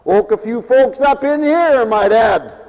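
A male preacher delivering an animated, joking sermon, swinging between loud calls and hushed asides. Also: very high voice, a little slow. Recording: long hall reverb.

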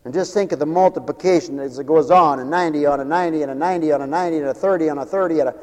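A fervent male preacher with a high voice delivers a revival sermon, his words rolling out in rhythmic repetition. He swings between ringing exclamations and low muttered asides. The sound rings with the long reverb of a church hall. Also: racing, a little mellow. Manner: repetitive, rhythmic phrasing with interjected hallelujahs.

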